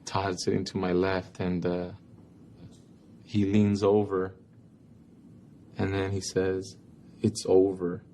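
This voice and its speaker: Deep gravelly guy telling his story, flat delivery, bit of noise behind. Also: takes it slowly, long pauses. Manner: rambling storytelling with fillers. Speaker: documentary interviewee. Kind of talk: recounted interview clip.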